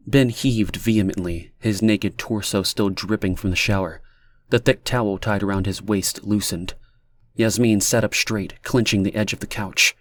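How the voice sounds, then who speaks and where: An audiobook narrator with a low voice reads a dark novel aloud in steady, measured narration. The sound is dry and close, with no room around it.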